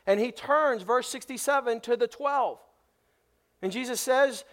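High-voiced preaching pastor, emphatic. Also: male voice, a little slow. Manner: emphatic preaching that swings from loud to hushed. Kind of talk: sermon.

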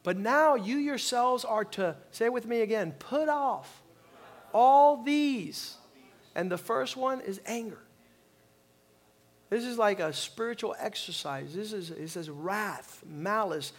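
A man preaching a sermon as pastor, calling on the congregation to repeat lines and swinging from quiet reflection to loud emphasis. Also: sits high, a little slow. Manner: preaching with call-and-response, swings from soft to loud.

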